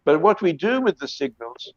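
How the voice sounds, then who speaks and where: A man's voice: fairly high pitch, very animated, moderate pace, dry recording. A man speaking emphatically on an academic video-call panel, often repeating words as he reworks a thought. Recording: dry, slightly dull lo-fi audio.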